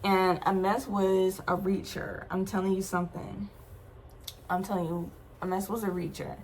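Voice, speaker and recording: A woman's voice: mid-range voice, little pitch movement, moderate pace, slight background noise. A young adult woman vlogger telling a personal story in a casual, slangy, emphatic way, with many asides to her viewers.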